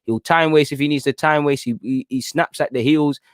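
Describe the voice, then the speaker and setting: A man's voice: fairly high pitch, steady tone, fairly quick, no echo, studio quality. A young man giving live, chatty fan commentary on a football match, pleading with players and the referee as play goes on. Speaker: host of a football watchalong stream.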